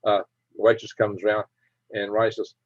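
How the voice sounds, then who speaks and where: A man's voice: on the low side, flat delivery, a little fast, no echo, lo-fi sound. A man hosting a live stream, telling rambling anecdotes and reading chat with chuckles. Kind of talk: casual storytelling and reading chat.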